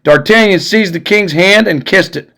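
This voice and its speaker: Man, storyteller, measured formal reading, slightly high voice. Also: pushed and bright. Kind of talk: audiobook narration of a classic novel.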